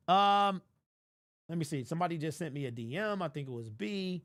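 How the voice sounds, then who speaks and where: A man with a high voice hosts a casual fan live stream, reacting to chat in an animated, teasing way. The sound is dry and close. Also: fairly quick, no echo. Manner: animated, mock-indignant, teasing. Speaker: fan livestream host.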